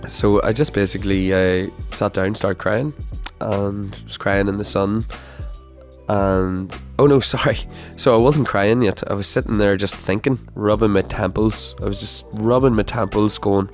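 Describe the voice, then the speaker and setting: A man's voice: on the low side, steady tone, moderate pace, soft background music. Rambling, swearing man. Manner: rambling, swears often, many fillers and restarts. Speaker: podcast host. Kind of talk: casual storytelling monologue.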